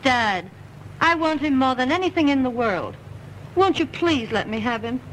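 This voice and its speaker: A woman's voice: high voice, lively intonation, normal speed, fairly bright tone, low-quality recording. An actress playing a spoiled, persistent rich young woman in a 1930s film, coaxing and pleading. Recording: old film soundtrack with faint hiss.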